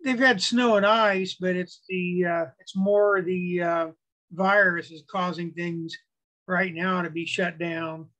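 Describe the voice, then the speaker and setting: A middle-aged man with a notably high voice chats on a video call, rambling through a family story with easy restarts. He sounds relaxed and talkative, like a club member warming up before a talk. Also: slow, lo-fi sound. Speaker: club presenter.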